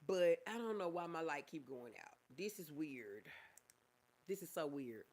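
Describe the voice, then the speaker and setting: A woman's voice: deep voice, lively intonation, a little slow, darkish tone. A woman, a therapist hosting a casual livestream, reading viewer comments aloud and calling them baby. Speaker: livestream host, mental health therapist.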